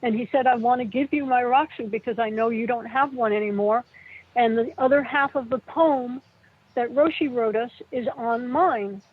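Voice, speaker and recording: A middle-aged woman recalling personal memories as an interview guest, halting and emotional, sometimes tearful. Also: fairly high pitch, slightly rough. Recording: tinny phone-like line.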